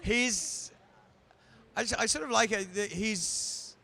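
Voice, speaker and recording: A man from New Zealand with a New Zealand accent, an actor chatting playfully in a live interview, joking and often pausing with fillers. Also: sits high, creaky, sharp tone. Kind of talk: casual chat at a live event.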